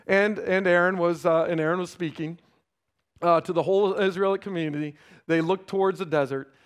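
A man preaching a sermon, reading scripture and acting out complaining voices, then dropping to quiet emphasis. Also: high-pitched. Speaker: pastor.

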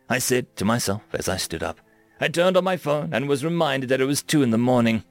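A young adult man reading a fantasy story aloud, animated and acting out his own lines. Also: mid-range voice, fairly quick, dry recording, soft background music. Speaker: narrator.

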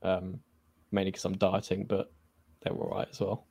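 An English man talking through a film in loose, rambling podcast chat, full of "ums" and restarts. His voice sits low, and the recording is dry and close with no room sound. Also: monotone, normal speed, creaky, darkish tone, no room sound. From England. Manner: rambling, many fillers and restarts. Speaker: podcast co-host.

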